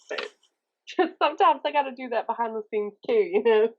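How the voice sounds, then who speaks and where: Upbeat Southern woman, slightly high voice. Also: normal speed, long pauses, dull audio. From Mississippi. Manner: animated, laughing, mimics others in quotes. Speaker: guest poet and YouTuber. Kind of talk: casual interview chat.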